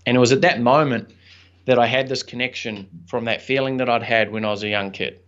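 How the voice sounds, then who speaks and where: A man's voice: medium pitch, steady tone, a little fast, a bit bright. A young man, a podcast guest and entrepreneur, telling a personal story in an earnest, reflective, chatty way with some fillers. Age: young adult. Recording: slightly dull lo-fi audio.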